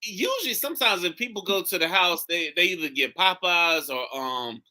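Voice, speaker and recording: In a recording studio, a high-pitched man hosts a podcast at a normal pace. The chat is loose and casual, full of swearing, as he animatedly tells jokey stories.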